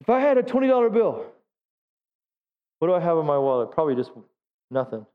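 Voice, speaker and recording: A male pastor preaches in a church sanctuary in a fast, sing-song voice on the high side, clear and resonant, with long pauses. He talks with the congregation and asks them questions. The dull, lo-fi recording carries long hall reverb.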